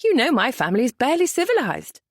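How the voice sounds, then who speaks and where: A woman reading the lines of a spirited young widowed lady, with lively, higher exclamations. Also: quick pace, no echo, studio quality, full character voice.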